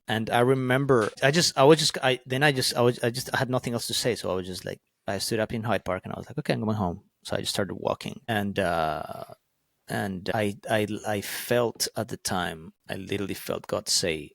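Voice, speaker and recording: A man's voice: lowish voice, a little fast, fairly bright tone, no echo, studio quality. Earnest man telling his faith story. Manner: earnest, rambling with many restarts. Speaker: podcast guest. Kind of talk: personal faith testimony.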